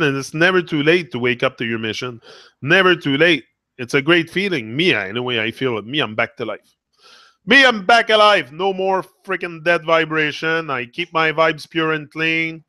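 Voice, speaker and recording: French-accented man, bright and dry, rambling earnest motivational vlog talk. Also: medium pitch, no echo. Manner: rambling, self-correcting, earnest. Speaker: motivational vlogger. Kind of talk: casual live motivational talk.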